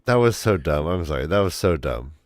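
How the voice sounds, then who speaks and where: A man co-hosting a casual book podcast, reacting with excited, swearing chatter. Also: very deep voice, fairly quick, no room sound. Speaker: podcast co-host. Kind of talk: casual chat about a book.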